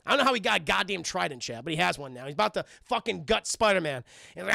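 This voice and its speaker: Excitable profane film reviewer, gravelly voice. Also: male voice, high-pitched, fast talker, no echo, clean studio sound. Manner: excitable, profane, acts out scenes. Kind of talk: casual live-stream film review.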